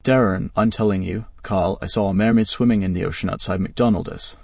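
A man voicing an easygoing young male musician in a flat, even read that says the speaker's name before each line. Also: sits low, a little fast, creaky, husky, dry recording, distant mic, exaggerated voice.

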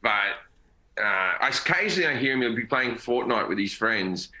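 A middle-aged man chats as a podcast guest, his voice very bright and ringing. He tells stories in a jokey, easygoing way and laughs often. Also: mid-range voice, expressive, fairly quick, poor audio. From Australia. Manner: chatty, jokey storyteller who laughs often. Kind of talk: casual podcast chat.

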